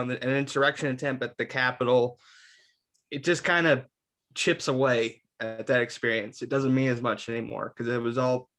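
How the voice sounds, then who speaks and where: A man co-hosts a podcast in relaxed conversation, mid-pitched and heartfelt. He talks in a reflective way and sometimes restarts his sentences as he searches for words. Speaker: podcast co-host. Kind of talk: casual chat.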